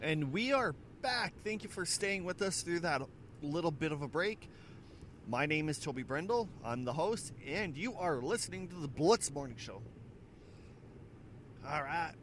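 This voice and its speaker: A man's voice: a little high, animated, normal speed, a bit bright, a little hiss or hum. A man hosting a casual morning radio show, telling rambling, jokey stories and laughing at himself as he runs trivia on a handheld mic. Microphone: handheld microphone.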